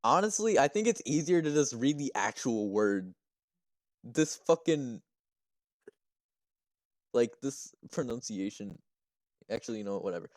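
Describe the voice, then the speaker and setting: A man's voice: medium pitch, lively intonation, a little slow, pauses often, no echo, clean studio sound. A young man playing a game with a friend, reading its dialogue aloud, swearing and laughing at his own stumbles. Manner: swears a lot, laughs at himself, stumbles over a tongue twister. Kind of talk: casual let's-play chat.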